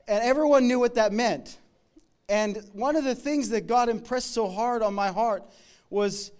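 Canadian man preaching in a smooth voice. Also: sits high, darkish tone. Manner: storytelling, conversational, with quick asides. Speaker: pastor. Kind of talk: sermon.

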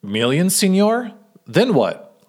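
A man reading a story aloud and voicing an easygoing adult male fisherman, in a gentle, unhurried way. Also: high voice, very animated, voice pushed up, exaggerated voice. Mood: content, puzzled.

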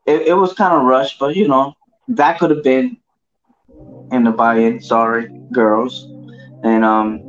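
A man's voice: medium pitch, fairly even intonation, unhurried, long pauses. A man in a mid-range voice chats loosely about wrestling, rambling from thought to thought with slang and fillers. The sound is muffled and lo-fi, with faint music underneath. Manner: rambling, slangy, full of fillers and "you know what I mean". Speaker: podcast co-host. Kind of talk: casual wrestling chat. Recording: dull lo-fi audio.

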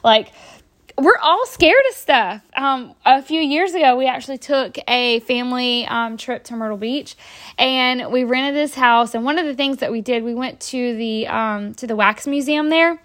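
A woman's voice: high-pitched, moderate pace, a bit bright. A woman, telling stories in a rambling, chatty way on a podcast, full of fillers and restarts. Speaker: podcast host. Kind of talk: casual storytelling.

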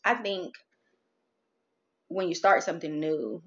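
A woman talking candidly about faith and frustration, animated and expressive, acting out her inner dialogue. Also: fairly low pitch, slow, lo-fi sound. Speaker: guest, merch business owner.

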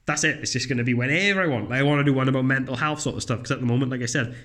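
A man's voice: medium pitch, racing, fairly bright tone. A young man hosting his own podcast, talking alone and casually in a blunt, sweary way, now and then putting on sarcastic voices. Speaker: podcast host. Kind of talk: casual solo podcast monologue.

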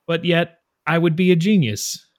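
Slightly high man musing aloud. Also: normal speed. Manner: thoughtful, rambling explanations. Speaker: podcast co-host. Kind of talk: casual podcast banter.

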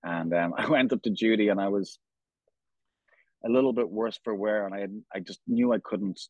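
Rambling Irish man, low and dry. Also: dry recording, highs cut off. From Ireland. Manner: rambling, halting, many restarts and fillers. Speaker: company founder, guest. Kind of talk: casual storytelling interview.

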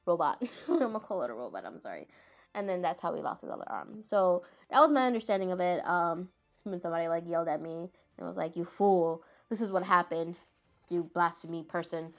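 A woman's voice: lowish voice, big pitch swings, fast, gravelly, faint music behind. A woman chatting casually about anime, rambling, laughing and often stopping to correct herself. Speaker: anime vlogger. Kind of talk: casual chat.

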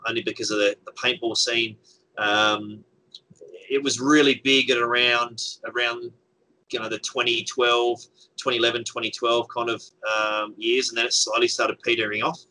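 A man's voice: medium pitch, fairly even intonation, moderate pace, sharp tone, low-quality recording. A man chatting casually as a guest game organizer, rambling with many fillers and restarts. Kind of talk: casual chat.

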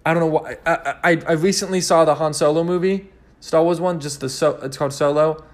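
A man's voice: on the high side, fairly even intonation, fairly quick. A young man hosting a casual solo podcast, rambling and cursing with many restarts as he rants animatedly. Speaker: podcast host.

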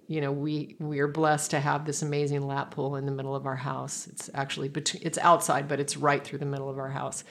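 A woman guest in a relaxed conversation, telling a personal story in a reflective, meandering way with frequent restarts. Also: sits low.

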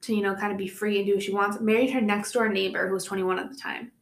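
A woman's voice: medium pitch, steady tone, fast talker, vocal fry. Young woman podcast host, casual true-crime storyteller, mid-range voice, recorded in an echoey room. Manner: reads the case with chatty asides and laughs. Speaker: podcast co-host presenting the case.

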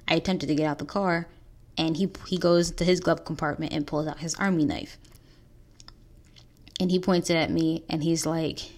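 Low-voiced woman telling a personal story. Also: steady tone. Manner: earnest, halting, pauses and restarts. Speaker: podcast host.

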